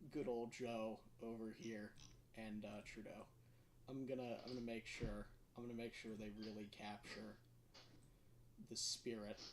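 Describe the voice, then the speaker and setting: A man's voice: medium pitch, background noise. A man hosting a casual livestream, rambling and self-deprecating with lots of fillers. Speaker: livestream host.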